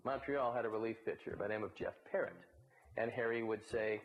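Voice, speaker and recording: A man, a former baseball broadcaster, telling anecdotes in a relaxed storytelling way. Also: lowish voice, a little fast, dull audio. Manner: relaxed raconteur, briefly mimics others in quotes.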